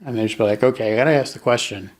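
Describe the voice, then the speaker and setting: A man co-hosting a casual true-crime discussion, animated and acting out jurors in quick mock voices. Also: medium pitch. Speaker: podcast co-host.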